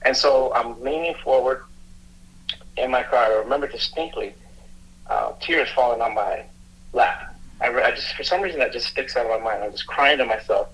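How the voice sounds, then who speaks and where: A middle-aged man tells a painful personal story in an earnest, halting way, stopping and restarting his sentences. His voice is bright and forward, and it is of middling pitch. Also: rough recording. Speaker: police officer and youth mentor, guest.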